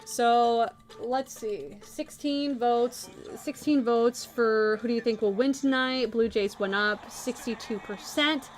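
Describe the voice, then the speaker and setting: A woman's voice: a little high, takes it slowly, hardly any pauses, soft background music. A woman hosting a live stream, chatting casually with her viewers. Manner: chatty, talks to chat viewers. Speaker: livestream host.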